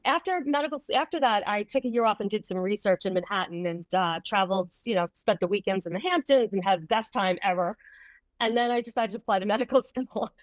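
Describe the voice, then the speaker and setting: This is a woman in her fifties with a New York accent, an oncologist telling her story as a guest. She talks in an animated, chatty way with quick asides. Her voice sits mid-range and the recording is dry and close. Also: mid-range voice, dry recording, rough recording. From Long Island, New York. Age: 50s. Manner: animated, chatty, self-deprecating laughter. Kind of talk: conversational interview.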